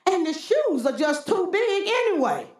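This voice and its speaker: A woman pastor's very high-pitched, very animated voice carries a slightly mellow quality and reverberates as she preaches at normal speed. She folksily calls out to the congregation, repeating "Huh?" in call-and-response fashion.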